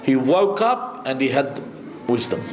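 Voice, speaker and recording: A man's voice: medium pitch, very animated, measured pace. A man, a sheikh, preaching a sermon at a majlis with impassioned rhetorical questions that climb to emphatic peaks. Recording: echoey hall.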